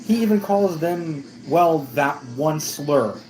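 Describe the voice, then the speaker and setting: A man's voice: on the high side, slow pace, background noise. Rambling man telling a story. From United States. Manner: rambling, self-correcting, with many restarts. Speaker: vlogger. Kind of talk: casual storytime vlog.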